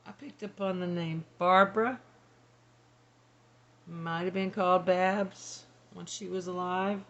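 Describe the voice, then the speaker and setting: A woman's voice: on the low side, steady tone, slow, muffled recording. A woman working as a psychic medium, relaying channeled messages in a hesitant, tentative way. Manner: hesitant, tentative, laughs between.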